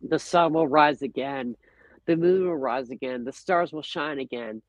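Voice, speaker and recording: A man's voice: medium pitch, normal speed, no room sound. A man guest on a podcast, talking casually and earnestly about his feelings and his bond with nature. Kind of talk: casual conversation. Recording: dull, lo-fi podcast audio.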